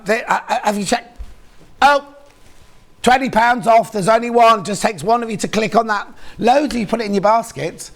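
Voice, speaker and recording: A man's voice: high voice, vocal fry, a little hiss or hum. A man presenting a live shopping show, chatting playfully, teasing colleagues and reading out viewer messages. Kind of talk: live on-air selling chat.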